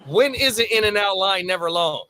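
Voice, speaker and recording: A man co-hosting a podcast, speaking in a relaxed, slangy way with many fillers. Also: high voice, moderate pace, crowd noise. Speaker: podcast co-host. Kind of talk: casual chat.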